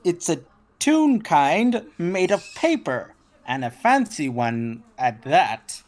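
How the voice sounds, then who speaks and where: A woman with a low voice narrates a tabletop game as game master. She talks slowly, pausing and restarting as she goes. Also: very animated, a little mellow. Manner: slow, halting narration with restarts.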